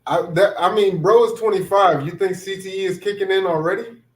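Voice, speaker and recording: A man with a fairly high voice chats on a podcast, often hesitating and searching for his words. His voice sits in a roomy, echoing space. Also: fairly even intonation, a little fast. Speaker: podcast co-host. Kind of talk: casual chat.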